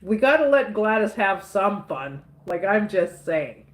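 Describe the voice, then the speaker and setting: Slow-talking woman host, chuckly. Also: medium pitch, very animated, reverberant. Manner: chuckles often, repeats catchphrases. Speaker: livestream host. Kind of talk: casual livestream chat reading comments.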